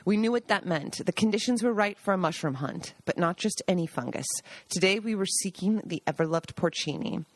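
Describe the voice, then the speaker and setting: A woman hosting a podcast, telling casual stories in a chatty, animated way. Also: lowish voice, brisk, no room sound. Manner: chatty, animated, laughing anecdotes. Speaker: podcast host. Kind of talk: casual storytelling.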